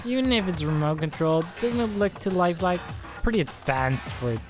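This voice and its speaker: A woman's voice: on the low side, lively intonation, fairly quick. A woman hosting a game let's play, reading all the dialogue aloud in a casual, jokey way. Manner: casual, jokey, voices every character. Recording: voice with game music behind. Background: game music.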